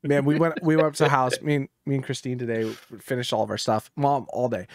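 A young man chatting on a podcast, slightly higher-pitched than most, with an animated, laugh-filled way of telling stories. His voice sits dry and close with no room sound. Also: fast, dry recording. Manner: animated storytelling with lots of laughing and swearing. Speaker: podcast co-host. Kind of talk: casual chat.

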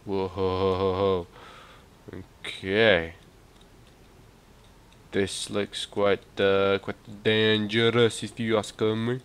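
An energetic young man giving excitable, swear-heavy commentary on a driving game. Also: fairly low pitch, extremely slow, pauses often, smooth. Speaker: gaming YouTuber. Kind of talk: gameplay commentary. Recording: loud game car noise behind.

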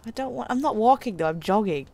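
A young woman giving casual gameplay commentary, giggly and excitable. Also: fairly high pitch, quick pace. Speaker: let's play commentator.

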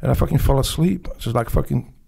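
Gravelly Polish-accented man telling war stories. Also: medium pitch, fast. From Poland. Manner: profane, animated storytelling with non-native grammar. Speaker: guest. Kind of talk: casual storytelling.

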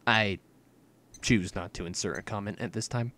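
A man's voice: on the low side, normal speed, a bit bright. A man hosting a let's play, giving jokey, self-mocking running commentary while he plays. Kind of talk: gameplay commentary.

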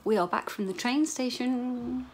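A woman's voice: a little high, a little slow, slight background noise. A woman, rambling candidly in a chatty video diary, sometimes swearing. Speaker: vlogger.

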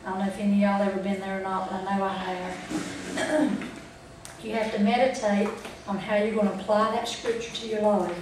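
A woman's voice: mid-range voice, flat delivery, moderate pace, noisy background. A woman teaching a Bible study group in a folksy way, checking in with them as she goes. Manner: folksy, asks the group questions. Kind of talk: church training talk. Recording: echoey room from far off.

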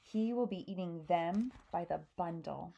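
A gentle storybook giant with a low, slow, gravelly voice and warm, dark tone, put on by a woman reading aloud. He talks kindly in tangled grammar and made-up words. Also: highs cut off. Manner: gentle, ungrammatical, invents odd words. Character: big friendly male giant, gentle, mangled grammar.

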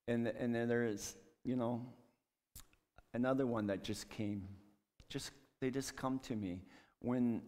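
A man earnestly telling a ministry story in church, acting out the dialogue as he goes. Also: mid-range voice. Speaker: street ministry leader. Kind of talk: testimony talk in church. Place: church sanctuary. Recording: long church hall reverb.

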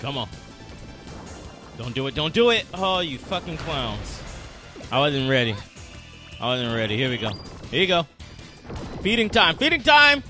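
A man's voice: medium pitch, lively intonation, normal speed, long pauses, over music. A man doing game commentary, rambling through explanations and swearing at the enemies on screen. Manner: swears and scolds the game's enemies; rambling, self-repeating explanations. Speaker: let's play host.

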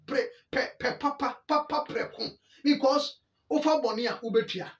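A Ghanaian man hosting a sports talk show, animated and excitable, mixing Twi and English and repeating words for emphasis. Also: very high-pitched, normal speed, gravelly, roomy sound, distant mic, dull audio. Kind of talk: animated commentary.

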